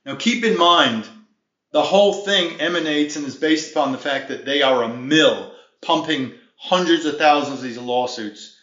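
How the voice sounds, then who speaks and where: A man with a fairly high voice teaches in an emphatic, folksy way, drifting into asides as he goes. His voice sounds roomy and a little dull, as if recorded in an echoey space. He talks like someone giving an informal video lesson. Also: normal speed, a bit bright. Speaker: debt defense instructor.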